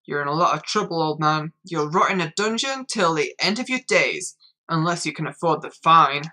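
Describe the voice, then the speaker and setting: A woman's voice: low-pitched, lively intonation, moderate pace, sharp tone. Woman voicing a stern northern guard officer. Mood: menacing. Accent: northern English. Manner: stern, menacing, reads game text aloud.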